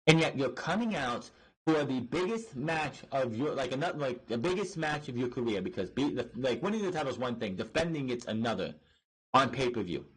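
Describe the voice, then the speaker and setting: A wrestling podcast host rants in an exasperated, profane way, full of fillers and restarts. His voice is medium in pitch, sing-song and slightly breathy, and he talks a little fast over poor audio.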